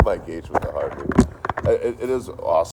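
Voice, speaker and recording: A man's voice: sits low, animated, moderate pace, heavy background noise. A man streaming to a live chat, ranting casually and profanely, repeating his lines as he goes.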